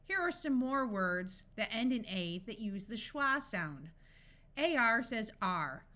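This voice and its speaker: A woman narrates a scripted phonics lesson at a very unhurried pace. Her voice is bright and forward, and she pronounces each sample word distinctly with a pause after it. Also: on the high side, sing-song. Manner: slow, clearly enunciated word-by-word reading. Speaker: phonics tutor.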